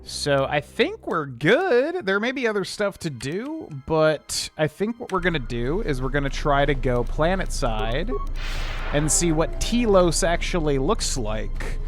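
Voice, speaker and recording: A man streaming a video game, talking in a casual, rambling way and humming filler syllables while he plays. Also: on the high side. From United States. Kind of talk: let's play commentary.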